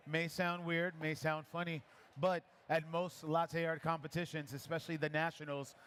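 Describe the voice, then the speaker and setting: Brief: male barista instructor, slightly high voice, chatty encouraging coach, live festival demo. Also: little pitch movement, a bit bright, clean tone. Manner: encouraging, chatty, gives quick pouring cues. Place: coffee festival demo area.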